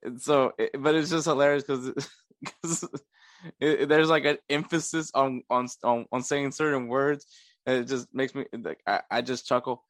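A man's voice: mid-range voice, fairly even intonation, normal speed, no room sound, clean studio sound. A man co-hosting a podcast in casual chat, hesitant and chuckling as he talks. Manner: hesitant, chuckling, with many restarts. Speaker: podcast co-host.

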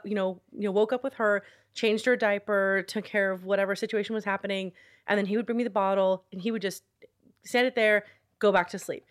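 A middle-aged woman co-hosting a casual chat, telling a story with lively acted-out voices. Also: medium pitch, smooth. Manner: animated storytelling, acts out her husband shouting.

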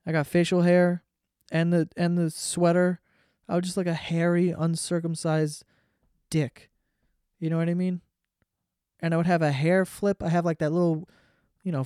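A man's voice: on the high side, darkish tone, clear, resonant tone, dry recording, studio quality. A man hosting a solo podcast in a casual comedic rant, profane, sarcastic and rambling. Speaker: podcast host.

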